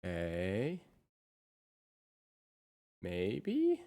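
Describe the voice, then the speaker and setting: Female streamer, AI voice changer, gravelly fry, unhurried, flustered muttering, casual live-stream chat. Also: a bass voice, huge pitch swings, mellow. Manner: flustered, muttering to herself while setting up screens. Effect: real-time AI voice changer.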